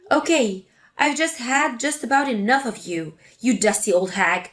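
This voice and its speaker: A woman's voice: sits high, moderate pace, a bit bright, soft background music. A woman reading a dramatic family story aloud in a hurt, incredulous voice. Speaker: narrator.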